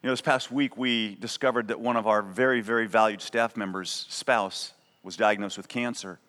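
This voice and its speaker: A man's voice: fairly low pitch, fairly even intonation, normal speed, fairly bright tone. A man preaching a sermon as pastor, conversational and emphatic, often checking in with a "right?". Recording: long reverb of a large hall.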